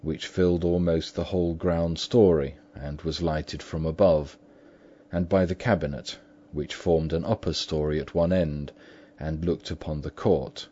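A man reading a story aloud as narrator, in measured, even storytelling. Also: very deep voice. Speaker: audiobook narrator. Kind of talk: scripted narration. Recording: dull lo-fi recording.

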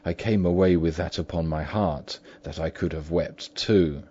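A man voicing a frightened old male butler who speaks in a hushed murmur, in a storybook reading. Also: low voice, normal speed, slight background noise, natural voice. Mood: grieving. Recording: dull lo-fi recording.

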